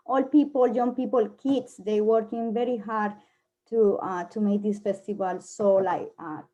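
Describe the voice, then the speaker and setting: A woman from Colombia with a Colombian Spanish accent, giving a casual presentation, often pausing with fillers while she searches for words. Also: medium pitch, darkish tone. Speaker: guest presenter.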